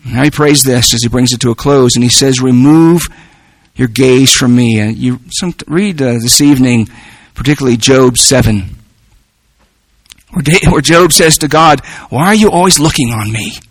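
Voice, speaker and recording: A man's voice: medium pitch, normal speed, breathy edge, no room sound, poor audio. A man preaching a sermon in an earnest way, often repeating words as he works toward a point.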